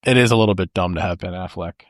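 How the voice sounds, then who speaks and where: A man's voice: low-pitched, fast, no echo, studio quality. A man co-hosting a podcast, laid-back and conversational, talking a movie over with his co-host. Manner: laid-back, conversational, addresses listeners as folks. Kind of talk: casual movie-discussion chat.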